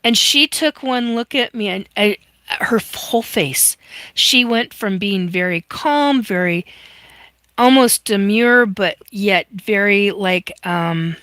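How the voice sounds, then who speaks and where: A woman's voice: medium pitch, slow pace, fairly bright tone, no room sound. A woman hosting a live stream in casual chat, telling a story in an earnest, emphatic way with many restarts and some mild swearing. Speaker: host.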